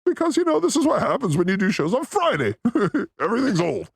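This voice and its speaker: A man hosting a podcast, trading crude jokes and playful riffs, swinging between loud bursts and mutters. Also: high-pitched, very animated, brisk, vocal fry, soft background music. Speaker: podcast host. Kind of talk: crude comedic riffing.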